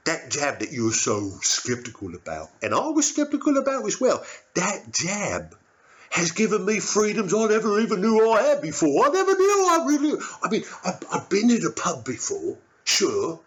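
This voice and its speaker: A man's voice: high-pitched, full character voice. A man doing a rambling British pub bloke. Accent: put-on British. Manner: rambling, repetitive, earnest and self-correcting. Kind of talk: satirical stand-up character monologue. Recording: dull lo-fi audio.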